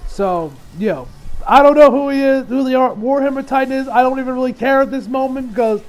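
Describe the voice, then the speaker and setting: A man's voice: extremely high pitch, a little fast, highs cut off, faint music behind. A man recapping an anime episode as a reviewer, in a loose, rambling way that swears freely and acts out the lines of the characters.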